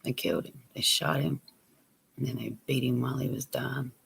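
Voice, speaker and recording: A man telling a personal story on his vlog, plain and unhurried, sometimes dropping to a near whisper. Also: mid-range voice, fairly even intonation, gravelly, a bit bright, a little hiss or hum. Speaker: vlogger.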